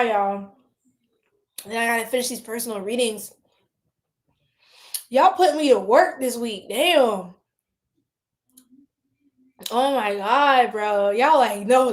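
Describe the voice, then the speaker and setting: A woman with an American lilt hosting a tarot livestream, chatting casually with her viewers, laughing often and swearing freely. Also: a little high. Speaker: tarot reader livestream host.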